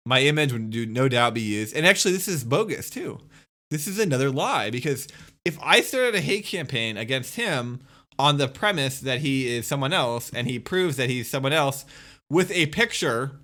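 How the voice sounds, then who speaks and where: A man's voice: mid-range voice, expressive, normal speed, bright, forceful tone. A young man ranting casually as a streamer, exasperated and swearing as he rebuts a critic point by point.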